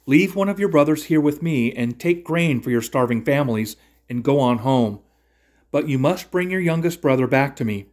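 A man's voice: medium pitch, expressive, moderate pace, darkish tone, natural voice. A man reading as anxious frightened brothers. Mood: recounting. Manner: anxious, explaining.

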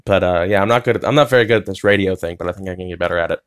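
Speaking rapid-fire in a low, smooth voice, a young American man rambles through a casual solo podcast from his bedroom. He swears, restarts sentences and leans heavily on fillers.

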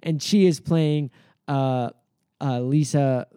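A man's voice: medium pitch, steady tone, slow, mellow, smooth, no echo, studio quality. A man co-hosting a podcast in casual chat, rambling with lots of fillers as he recaps comedy sketches in an amused way. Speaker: podcast co-host.

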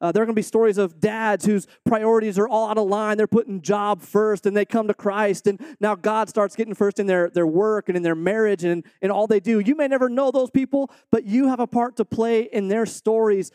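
Man, missionary guest preacher, high voice, dry close sound, earnest and animated storytelling. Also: fairly quick, few pauses, clear, resonant tone, no room sound. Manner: earnest, animated storyteller who acts out quotes. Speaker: missionary speaking to a supporting church. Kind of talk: sermon with a personal story.

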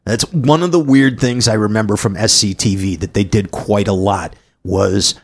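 Gravelly low-voiced man chatting casually. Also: moderate pace. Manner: rambling, with frequent fillers and laughs. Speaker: podcast co-host. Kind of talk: casual chat.

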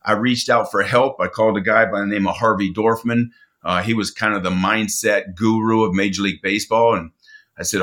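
A man's voice: fairly low pitch, steady tone, a little fast, fairly bright tone. A middle-aged man telling a personal story as a podcast guest, earnest, often repeating words and restarting his sentences.

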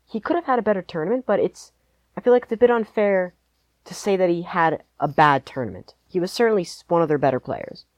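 A man's voice: high-pitched, fast talker, no echo. Rambling man in dry close sound. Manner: rambling, hedging, many "like"s. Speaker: podcast co-host. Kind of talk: casual sports chat.

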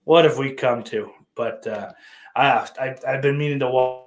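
Young male streamer, casual and foul-mouthed, rambles while teasing his chat; average pitch. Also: moderate pace. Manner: profane, rambling, teasing viewers. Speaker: livestream host reading chat.

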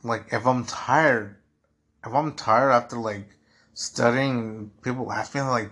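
A man's voice: medium pitch, steady tone, takes it slowly, a bit bright. A young man hosting a podcast, talking through his frustrations in a rambling, casual monologue full of "dude" and "like.". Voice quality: husky. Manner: rambling, repeats "dude" and "like" often. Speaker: podcast host.

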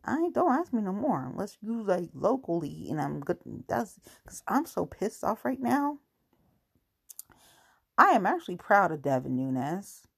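A woman's voice: lowish voice, creaky, husky. A woman ranting about politics in casual talk, angry and sarcastic, swearing often.

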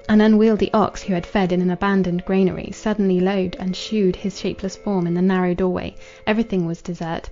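Woman reading an old novel, warm mellow voice, slow and solemn, a bit dull sounding with faint music. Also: mid-range voice. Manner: measured, solemn. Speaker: audiobook narrator. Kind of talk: scripted narration of a classic novel.

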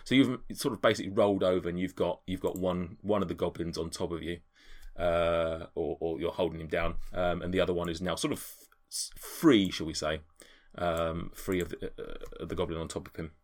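A man's voice: low-pitched, steady tone, brisk. A man running a tabletop game as game master, narrating with many restarts and qualifiers. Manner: hesitant, full of restarts and qualifiers.

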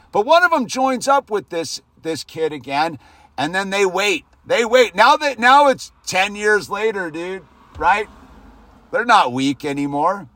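A man's voice: expressive, normal speed, no echo. A man hosting a podcast, delivering a heated, profane rant that keeps ending on a dropped "dude". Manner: heated and profane, peppers lines with "dude", swings loud then drops low. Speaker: podcast host. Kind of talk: profane ranting monologue.

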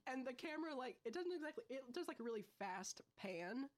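A woman's voice: high-pitched, animated. Breezy young woman recapping a film. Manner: breezy, quick storytelling with slangy asides. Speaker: podcast host. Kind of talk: casual film review chat.

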